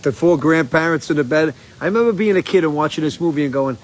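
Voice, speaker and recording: Talking fast with hardly any pauses, a man with a fairly high voice live streams from an outdoor porch, a little stoned, swearing and rambling through lively stories. The recording is rough.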